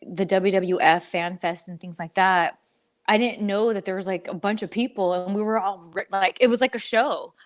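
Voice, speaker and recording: A middle-aged woman co-hosting a casual chat show, talking in a rambling way and laughing often. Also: medium pitch. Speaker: co-host.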